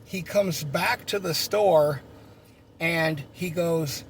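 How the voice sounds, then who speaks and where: A man's voice: on the high side, slow pace. A middle-aged man from North Carolina telling a rambling, joking personal story in a casual chat, acting out voices as he goes. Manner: rambling, joking, acts out voices in his stories. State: sunburned.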